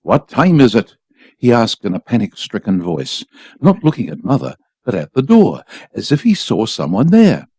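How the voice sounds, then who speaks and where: Animated male storyteller reading aloud. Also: on the low side, normal speed, slightly rough, no room sound. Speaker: volunteer radio reader.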